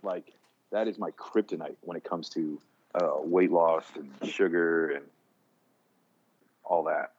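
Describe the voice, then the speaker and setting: A man's voice: sits low, slow pace, long pauses, highs cut off. A man from New York, co-hosting a podcast in casual, joking chat. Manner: joking, animated storytelling. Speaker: podcast co-host.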